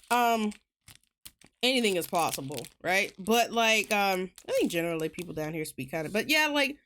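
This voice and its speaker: A woman with a Southern US accent chatting casually while streaming a game, fast-talking and rambling, laughing often. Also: medium pitch, a bit bright. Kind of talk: casual gaming chat.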